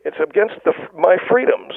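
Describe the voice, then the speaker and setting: Man voicing a whiny, raspy-high anti-mask caller on a thin phone line; rambling and stammering. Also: expressive, normal speed. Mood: indignant. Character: indignant middle-aged male caller who refuses masks.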